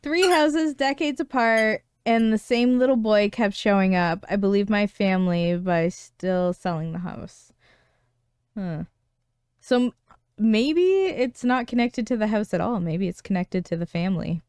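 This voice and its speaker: Casting: woman podcast host, smooth clear voice, dry close mic, casual storyteller. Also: mid-range voice, measured pace, a little mellow, no echo. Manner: storytelling with frequent laughs. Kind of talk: casual chat reading a listener story.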